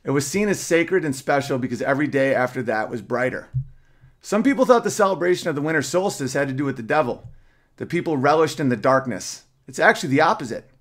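A man's voice: fairly high pitch, lively intonation, fast talker. A man hosting his podcast, reading his memoir aloud as a story, breaking off now and then with wry side remarks. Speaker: podcast host.

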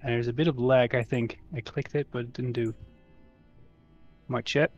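A man playing an online tabletop game, casually thinking out loud about his turn. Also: mid-range voice, fairly even intonation, moderate pace, dull audio, soft background music. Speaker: player.

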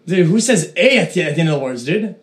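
A man from Canada, a streamer, chatting casually while gaming, excitable and swearing with shouty outbursts. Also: a little high, fast. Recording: roomy echo.

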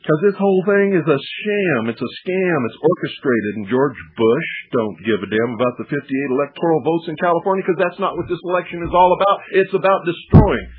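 A man's voice: a little high, a little fast, few pauses, husky. A man hosting political talk radio, lecturing indignantly and firing off rhetorical questions. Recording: tinny lo-fi archived radio broadcast.

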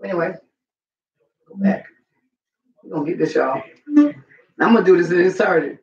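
A woman's voice: lowish voice, expressive, normal speed, vocal fry, darkish tone, husky. A woman hosting a casual live stream, rambling and gossiping with lots of profanity. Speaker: channel host. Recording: muffled lo-fi recording.

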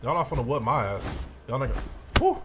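A man's voice: medium pitch, expressive, fast talker, noisy background. A young man giving hyped let's-play commentary, trash-talking and whooping as he plays. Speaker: gameplay commentator.

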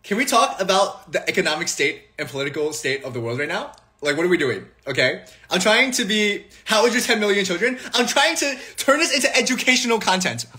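A man's voice: high voice, animated, a little fast, hardly any pauses, bright, forceful tone, slightly rough. A man in his twenties chatting casually and jokingly on a live stream, rambling with lots of fillers and restarts. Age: 20s. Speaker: livestream host. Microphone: phone livestream.

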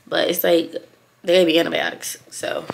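A woman's voice: fairly low pitch, sing-song, normal speed, creaky. A young woman vlogging in a casual, chatty way, talking straight to her viewers as a mother.

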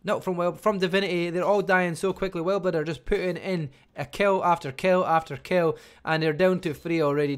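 A Scottish man casting a live online strategy game match, talking fast and chattily and barely stopping for breath. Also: fairly high pitch. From Scotland. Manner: fast, chatty, talks without pausing. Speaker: game caster. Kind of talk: live esports commentary.

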